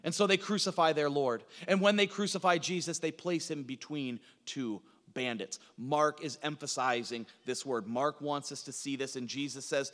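A man preaching a sermon as a pastor, swinging from emphatic lines to low, hushed ones. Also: moderate pace, few pauses, in a large hall.

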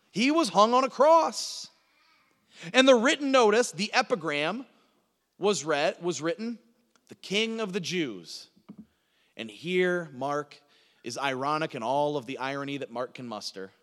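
A man preaching a sermon, teaching through a Bible passage with emphatic delivery that swings from loud to hushed. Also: high-pitched, big-room sound.

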